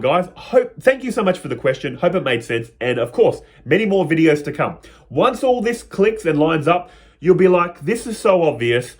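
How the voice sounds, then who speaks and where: Lively, animated man explaining spirituality. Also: a little high. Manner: earnest, lively, lists words slowly. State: out of breath. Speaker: spiritual video host. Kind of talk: casual spiritual talk to camera.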